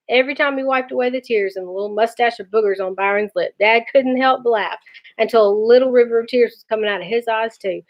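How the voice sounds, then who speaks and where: Woman teacher reading a storybook aloud. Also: medium pitch. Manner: lively, expressive. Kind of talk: reading a children's book aloud. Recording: dull lo-fi recording.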